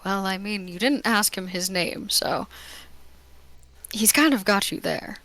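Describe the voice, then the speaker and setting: A relaxed, offhand man adventurer in a tabletop fantasy game, played by a woman. The voice is bright and clear, with an easy, shrugging delivery. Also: medium pitch, a little slow. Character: laid-back, casual adult man adventurer.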